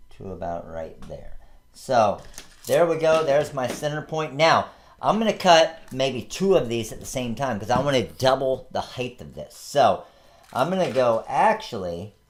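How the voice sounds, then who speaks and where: A man's voice: medium pitch, creaky. A man in his thirties hosting a casual how-to tutorial, chatting through each step as he works. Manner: chatty, explains each step while working. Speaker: host of a craft supply tutorial channel.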